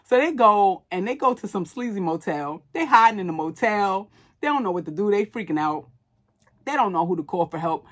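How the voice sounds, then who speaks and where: A woman hosting a podcast, recapping a movie in animated, casual storytelling full of slang and profanity. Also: medium pitch, a little fast. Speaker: podcast host.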